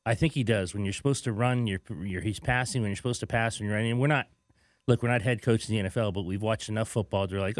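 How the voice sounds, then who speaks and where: A man's voice: fairly low pitch, quick pace, no room sound, clean studio sound. Jokey male sports radio host. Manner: jokey, energetic, trails off in fillers. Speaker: sports talk show host. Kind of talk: casual sports talk.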